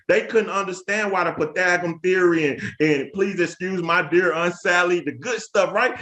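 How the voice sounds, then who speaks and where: With a high-pitched, pushed, bright voice, a man in his thirties speaks to teachers in a webinar as an education speaker. He tells stories emphatically like a preacher, repeating phrases and calling on the audience.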